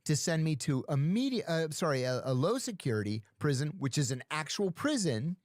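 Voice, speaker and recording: A man's voice: on the high side, brisk, no echo. Man, middle-aged, podcast guest, acts out dialogue, dry close sound. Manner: animated storytelling, acting out other people's lines. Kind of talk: casual storytelling.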